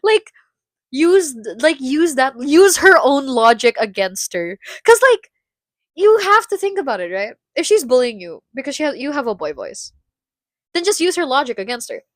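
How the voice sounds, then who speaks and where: A young woman with a Filipino accent chatting with viewers on a live stream, animated and laughing often, slipping between English and Tagalog. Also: high voice, normal speed, no echo, studio quality. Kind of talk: casual chat with viewers.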